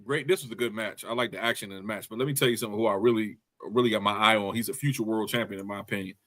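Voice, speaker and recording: A man's voice: fairly low pitch, rapid-fire, a bit bright. A man co-hosting a casual wrestling review podcast, rambling and slangy with lots of fillers. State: hiccups. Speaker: podcast co-host.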